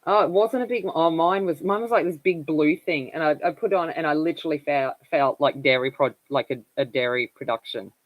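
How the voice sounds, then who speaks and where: A woman's voice: low-pitched, a little fast, hardly any pauses, dry recording, poor audio. Chatty woman with a dry sound. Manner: rambling, candid storyteller who laughs often. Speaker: colouring livestream host. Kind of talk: casual chat.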